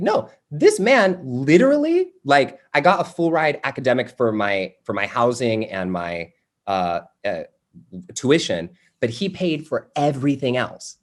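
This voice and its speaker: A young adult man teaching a workshop, telling a family story in a loose, animated way with many fillers like "you know" and "like". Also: mid-range voice. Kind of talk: personal storytelling in a workshop talk.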